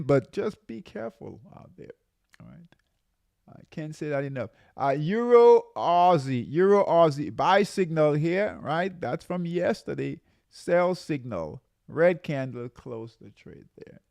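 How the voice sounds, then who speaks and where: A trading show host with a slightly high, creaky, darkish voice and big pitch swings runs a live market update. He calls buy and sell signals, repeats himself, and draws out his warnings amid many fillers and restarts, all in clean, echo-free studio sound.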